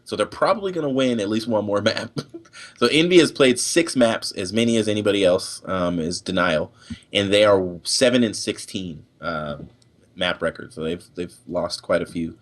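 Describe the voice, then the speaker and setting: A man's voice: lowish voice, moderate pace. A young man hosting a casual gaming stream show, talkative, with many fillers and restarts. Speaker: podcast host.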